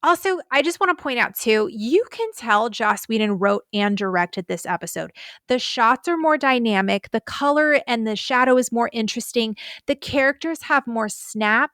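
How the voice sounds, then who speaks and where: A woman co-hosts a podcast in a fairly high, bright voice with lively intonation and a normal pace. She chats casually and retells scenes animatedly, using lots of fillers. The recording is studio quality with no room sound.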